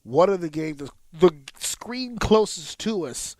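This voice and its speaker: A man in his thirties co-hosting a casual podcast, telling a sports story in an animated, profane way and jumping up sharply in pitch when excited. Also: measured pace, dry recording. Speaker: podcast co-host.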